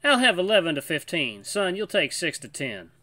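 A man reading a visual novel aloud, voicing a good-natured old lion grandpa with a gentle, folksy manner. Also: high voice, sing-song, moderate pace, no room sound, pitched above the performer's own voice, heavily acted. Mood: kindly.

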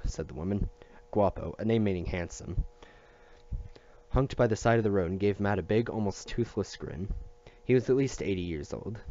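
A man reading a novel aloud at a steady pace, with small restarts and slips. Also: low voice, normal speed, lo-fi sound. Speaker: audiobook reader.

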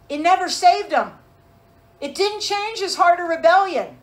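A woman's voice: very high voice, poor audio. A woman pastor delivering an emphatic sermon, asking the listeners rhetorical questions.

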